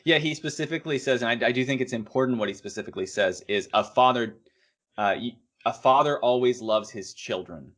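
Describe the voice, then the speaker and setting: A relaxed, chatty man co-hosting a casual podcast, with an everyday mid-range voice. He chimes in with quick agreements between his longer turns. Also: medium pitch. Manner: relaxed, chatty, agrees often with short yeahs. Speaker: podcast co-host. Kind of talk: casual anime podcast chat.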